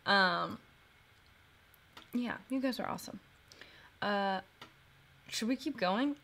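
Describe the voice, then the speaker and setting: Bright, chatty woman co-hosting a live stream. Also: mid-range voice, takes it slowly, vocal fry. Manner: chatty, emotional, giggly. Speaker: co-host. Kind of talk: casual chat on a live stream.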